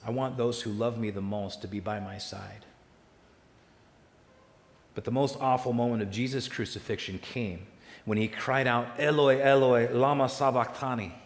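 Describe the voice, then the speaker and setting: A man preaching a sermon in a mid-range voice, his words ringing through a large echoing hall with a long reverb tail. He builds loud through lists, then drops soft and slow on the points he wants to land. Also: mid-range voice. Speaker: pastor.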